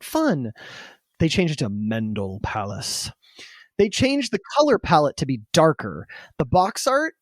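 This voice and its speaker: A male podcast host narrating history in a casual, animated way. His voice sits a little high and swings widely in pitch. He sprinkles in swearing and "right?" and sounds close and dry. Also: no echo.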